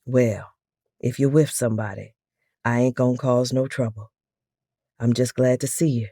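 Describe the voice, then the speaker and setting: A woman voicing an eager middle-aged man who talks loud and fast and pleads in a rambling way. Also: on the high side, expressive, dry recording, clean studio sound, voice pushed up. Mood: subdued.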